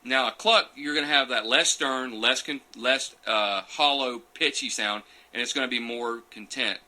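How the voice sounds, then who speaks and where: Recorded on a phone, this casual live session has a champion turkey caller fielding viewer questions and giving a demonstration. His mid-range voice is pushed and bright at a normal speed, and the audio is rough. He rambles chattily, reading comments aloud along the way.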